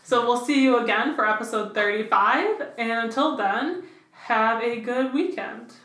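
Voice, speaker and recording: A young woman in her twenties co-hosting a podcast in casual chat, quick and sarcastic. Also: a little high, a bit bright. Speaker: podcast co-host. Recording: roomy echo.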